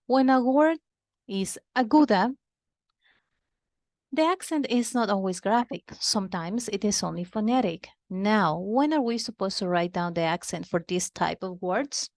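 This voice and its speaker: A woman teaches Spanish to children in a slow, patient, explanatory lesson, repeating key terms and switching between Spanish and English. Her voice is mid-range, and the recording is dry and of studio quality.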